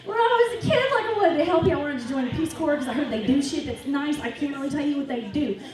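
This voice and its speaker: A woman's voice: sits high, fast. A woman doing a brash, profane stand-up comedy set on a club stage. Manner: brash, profane, animated storytelling. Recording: echoey club from a distance with crowd. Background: audience laughing.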